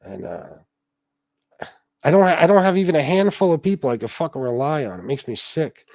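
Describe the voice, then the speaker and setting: A man's voice: on the high side, big pitch swings, a little fast, a little mellow. A man hosting a livestream, ranting profanely and aggrieved at his viewers. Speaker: livestream host.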